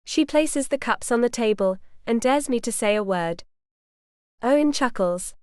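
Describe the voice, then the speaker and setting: A woman narrating a romance audiobook in the first person, with light, steady storytelling. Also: fairly high pitch, unhurried, clear, resonant tone, no echo, clean studio sound.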